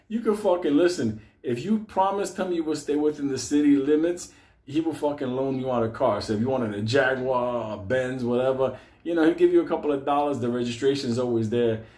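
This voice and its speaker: Guy telling wild stories, swears a ton, laughs a lot, echoey room, mid pitch. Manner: animated, heavy swearing, laughs often. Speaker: storyteller. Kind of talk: casual profane storytelling.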